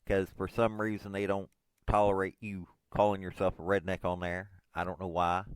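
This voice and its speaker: A man's voice: low-pitched, level tone, moderate pace, clear, resonant tone, no room sound. A man in his forties, hosting his own podcast, rambles casually and self-deprecatingly, with lots of hesitant fillers. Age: 40s. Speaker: podcast host.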